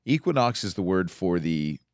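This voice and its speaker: Man, podcast co-host, low voice, dry sound, casual rambling. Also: very animated, moderate pace, no echo. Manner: laid-back, rambling with restarts. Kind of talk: comedic casual chat.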